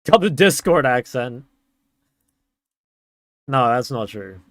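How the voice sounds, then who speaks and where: A man's voice: medium pitch, sing-song, takes it slowly, no room sound, clean studio sound. A young man streaming, chatting casually and answering chat in a laid-back way.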